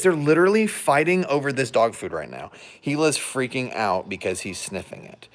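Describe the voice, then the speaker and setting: A man's voice: mid-range voice, normal speed, hardly any pauses, a bit bright. A man vlogging from a hotel room with his dogs, chatty and digressive, joking and giving training tips. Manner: chatty and digressive, jokes, laughs often. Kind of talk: casual vlog with dog training tips.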